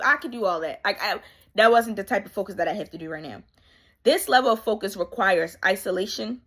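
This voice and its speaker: Woman, life coach, bright tense tone, casual, emphatic, repeats herself for effect. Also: medium pitch, slightly rough. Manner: faith-driven, coaching tone addressing viewers. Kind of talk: candid motivational monologue.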